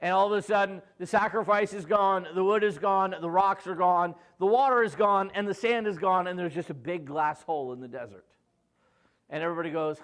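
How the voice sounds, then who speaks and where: High-voiced pastor telling a lively story. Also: male voice, a little fast. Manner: jokey, acts out quoted voices with asides to the congregation. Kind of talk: casual storytelling sermon.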